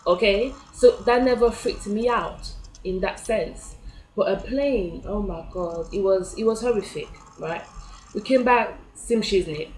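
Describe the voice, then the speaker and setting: A woman's voice: medium pitch, unhurried, a little mellow. Chatty woman from France, echoey room. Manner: chatty, acts out her own reactions in quoted asides. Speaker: vlogger. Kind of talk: personal storytelling.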